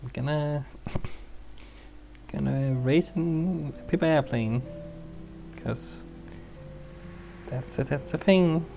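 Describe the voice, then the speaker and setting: A woman's voice: sits low, slow pace, vocal fry, pauses often, warm tone, faint music behind, rough recording. A woman hosting a let's play, rambling through casual gameplay commentary and laughing often.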